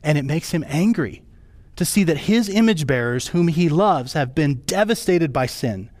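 A man preaching a sermon as pastor, his voice rising high and falling low for emphasis. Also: expressive, normal speed, darkish tone, no echo.

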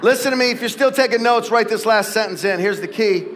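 A middle-aged male pastor delivers a sermon in a church sanctuary, telling a family story with animated energy before building up to shouted exhortation to the congregation. His voice sits high and moves fast.

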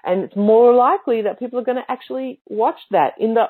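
A woman hosting a podcast and giving coaching tips in a casual teaching talk, speaking emphatically with expressive inflections. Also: fairly high pitch, fairly quick. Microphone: livestream mic. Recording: tinny phone-like sound.

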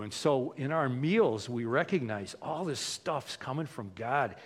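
Male pastor, casual storytelling sermon, middle pitch. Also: measured pace, few pauses, husky. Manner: conversational, animated, acts out quoted voices.

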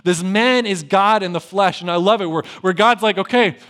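Guy preaching a sermon, pretty high voice, gets loud then goes quiet, tells the story kinda jokey and casual. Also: moderate pace. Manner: animated, swings between loud emphasis and hushed asides; acts out biblical dialogue with conversational humor. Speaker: pastor.

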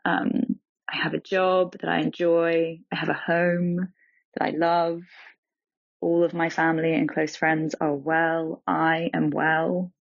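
A woman giving a reflective, measured recorded message. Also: low voice, little pitch movement, creaky, dry recording, muffled recording.

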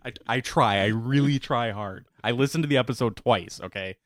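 A man's voice: mid-range voice, a little fast, dry recording, studio quality. A man hosting a casual podcast, joking, laughing often and reading out news items. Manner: jokey, laughs often, voice jumps up when excited. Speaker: podcast host.

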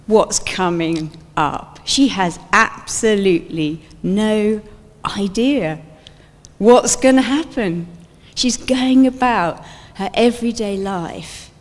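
Woman giving an animated church talk. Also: medium pitch. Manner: animated storytelling, acts out scenes. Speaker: speaker at a church event. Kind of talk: sermon-like talk. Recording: long hall reverb.

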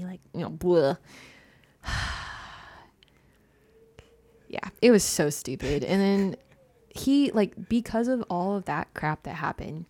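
Chatty young woman, lower voice. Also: unhurried, a little mellow. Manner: chatty, heavy use of "like", laughs often. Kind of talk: casual personal storytelling.

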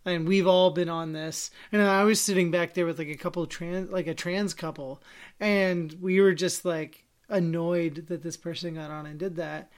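A woman's voice: on the low side, steady tone, normal speed. A woman co-hosting a casual podcast chat. She tells personal stories with blunt candor and throws herself into the lines she quotes. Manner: candid storytelling, acts out quoted lines loudly.

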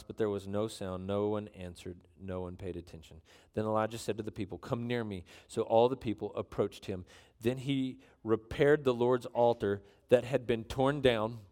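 A man preaching a sermon in an animated, joking way, reading scripture aloud between his asides. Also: mid-range voice. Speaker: pastor.

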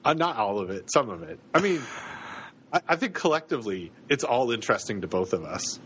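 A man's voice: medium pitch, big pitch swings, a little fast, a bit bright, slight background noise. A man in his thirties with a Canadian accent, co-hosting a podcast in casual chat, with many fillers and restarts. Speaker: podcast co-host.

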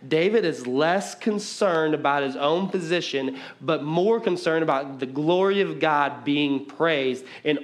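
A man's voice: fairly high pitch, a little slow, hardly any pauses. A man in his thirties preaching a casual sermon as pastor, talking conversationally with lots of "like" and jokey asides. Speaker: pastor and youth basketball coach.

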